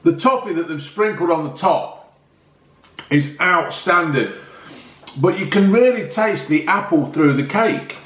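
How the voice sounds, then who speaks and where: A man's voice: a little high, lively intonation, unhurried, a bit bright, echoey room. A man, chatting enthusiastically as a casual food review vlogger, often talking while eating.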